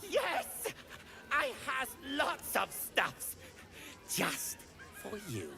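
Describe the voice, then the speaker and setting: A wheedling game merchant who talks in broken grammar. His voice is very high and gravelly, swooping wildly, with loud music behind him. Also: wildly swooping pitch, drawn-out words, exaggerated voice.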